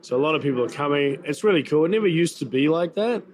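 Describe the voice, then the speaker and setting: This chef and restaurant owner, a man with a New Zealand accent, talks quickly and animatedly in a slightly high, darkish voice. Interviewed casually at a busy event venue, he's chatty and full of fillers and repeats.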